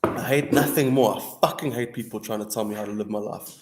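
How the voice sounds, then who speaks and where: A man's voice: fairly low pitch, a little fast, noisy background. Heated, profane young man ranting. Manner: heated, profane, repeats "bro" and "dude". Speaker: streamer answering viewers. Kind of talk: casual ranting monologue. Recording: echoey room.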